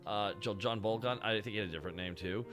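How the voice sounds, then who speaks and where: A man hosting a casual chat and reviewing robot designs, excitable and rambling, and swearing freely as he goes. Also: fairly low pitch, fast, over music. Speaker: show host.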